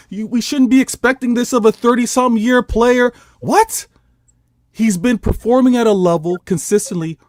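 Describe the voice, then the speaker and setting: This is a man with a high voice that swings widely up and down as he argues his football point. He talks over the others in a heated, animated debate. The sound is dry and close, with no room around it. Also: dry recording. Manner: animated, argumentative, pleads for his turn to speak. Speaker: football podcast panelist.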